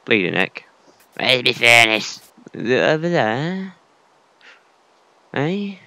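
A man's voice: mid-range voice, sing-song, slow pace, sharp tone, no echo. A young man casually commenting while playing a survival game, muttering to himself with mild swearing. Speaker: gaming video creator. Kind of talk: casual let's-play commentary.

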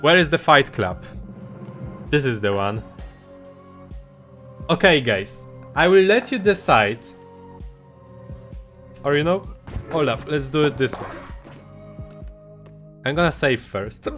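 A man streaming a game, chatting casually and excitably, reading chat and game text aloud. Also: on the high side, takes it slowly, pauses often. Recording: game music playing under the voice.

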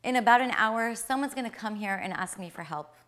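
A woman voicing a kindly elderly male Kabbalist sage, speaking gently and earnestly. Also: fairly high pitch, expressive, fairly quick, voice pushed up. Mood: tender.

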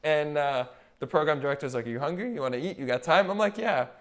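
Quick and slightly high-pitched, this young man is a nurse anesthetist appearing on a podcast. He's an animated storyteller in casual chat, reenacting what other people said.

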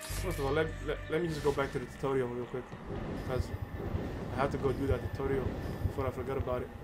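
A man giving casual gameplay commentary, excited and often stumbling and repeating words. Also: mid-range voice, fast, over loud music. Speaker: gamer.

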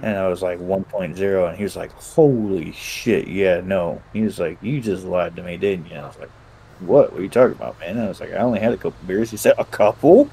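Low-voiced man retelling a roleplay scene. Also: fast, creaky, dark tone, slight background noise, rough recording. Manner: retells scenes by acting out both sides of dialogue, swears casually. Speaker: gamer recounting a roleplay session. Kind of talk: casual chat.

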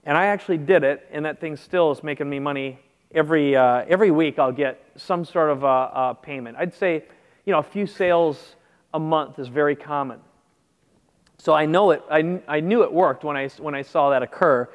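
A man's voice: fairly high pitch, fairly quick, in a large hall. A man presenting a marketing seminar in a conversational way, often checking in with the audience. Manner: conversational, checks in with "make sense?". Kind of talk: seminar talk with slides.

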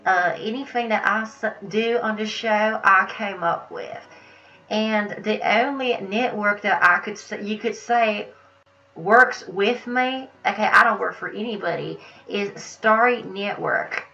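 A woman's voice: medium pitch, measured pace, sharp tone, highs cut off, slight background noise. A woman hosting an interview who asks playful, leading questions. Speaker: show host, interviewer. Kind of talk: casual interview.

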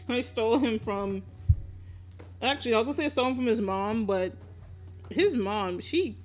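A woman's voice: on the high side, lively intonation, moderate pace, faint music behind. A young woman chatting casually on a live stream while she draws, laughing often, swearing freely and teasing her viewers.

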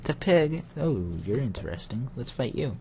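A young man hosting a gaming channel mutters to himself while casually commenting on his game, and he gets frustrated easily. His voice is lowish and slow, with slight background noise.

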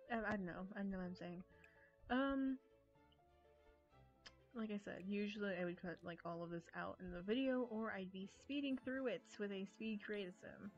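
An American woman chats through a live game stream, giggling and teasing herself as she rambles. Her voice sits at a middling pitch. The sound is a bit muffled, with soft music underneath. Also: normal speed, pauses often. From United States. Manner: giggly, rambling, self-mocking. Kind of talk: casual live-stream chatter. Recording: dull lo-fi stream audio with faint music.

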